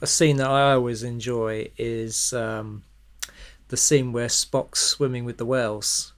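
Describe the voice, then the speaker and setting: A host speaks at an unhurried pace, moving the talk along between guests. The host laughs often and acts out lines from the film. The voice sits at a middle pitch. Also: fairly even intonation. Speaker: podcast host. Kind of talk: casual film discussion.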